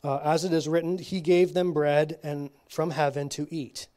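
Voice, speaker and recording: A man reading scripture slowly at a church teaching, breaking off for casual asides and frequent checks like "okay?". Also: on the high side, steady tone, dark tone. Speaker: Bible study teacher.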